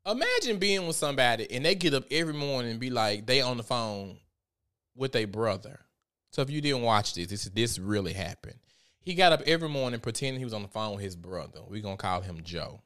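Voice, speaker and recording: Male vlogger, mid-pitched, chatty and profane, animated storytelling commentary. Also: a little fast. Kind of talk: casual commentary.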